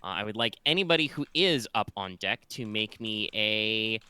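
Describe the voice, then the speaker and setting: A man's voice: on the low side, expressive, moderate pace, sharp tone, clean tone, dry recording. A man running a tabletop game as game master, rambling a little with fillers and restarts as he describes the scene.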